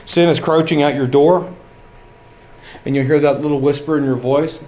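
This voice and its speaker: A man's voice: on the high side, fairly even intonation, moderate pace, long pauses, dark tone. A middle-aged man preaching a sermon, earnest and building to emphatic exhortation. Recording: echoey room.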